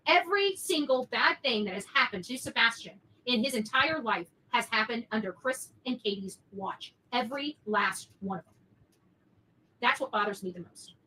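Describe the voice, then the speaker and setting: A woman's voice: on the high side, animated, moderate pace, pushed and bright, slight background noise, poor audio. A woman livestreamer delivering a heated, swearing rant of commentary. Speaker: livestream host.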